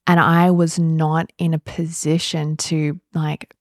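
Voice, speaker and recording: A woman hosting a podcast, telling a personal story in a candid, reflective way with soft fillers. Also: deep voice, level tone, slow, dry recording, clean studio sound. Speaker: podcast host.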